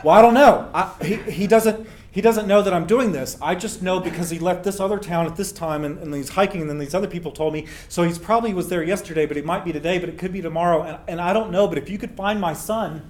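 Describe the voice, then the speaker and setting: A man doing a worried father on the phone, anxious and rambling as he pleads for help. The voice sits a little higher and louder than the speaker's usual talk. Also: fast, close to an everyday voice.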